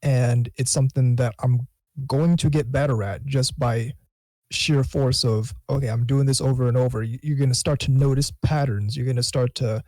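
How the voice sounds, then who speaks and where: A man talking as a guest on a casual podcast, halting and thoughtful, often restarting his sentences. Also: mid-range voice, fairly even intonation, darkish tone, dry recording, poor audio.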